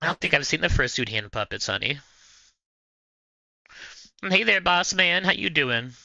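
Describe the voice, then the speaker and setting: A man's voice: fairly high pitch, very animated, a little slow, vocal fry, bright, forceful tone, no echo, dull audio. A man hosting a livestream, casually chatting with viewers in a playful, rambling way. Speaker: livestream host. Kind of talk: casual chat answering viewers.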